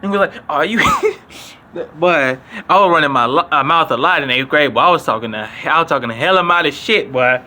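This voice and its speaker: A young man telling stories casually to his viewers, profane and animated, acting out what people said. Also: brisk. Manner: animated, acts out quotes with higher voice; profane, repetitive slang. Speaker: vlogger. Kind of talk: casual storytelling.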